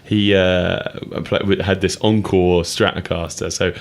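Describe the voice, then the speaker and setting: Rambling, enthusiastic low-voiced radio host. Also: male voice, level tone, unhurried, gravelly. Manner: rambling, enthusiastic, laughs often. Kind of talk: casual radio chat.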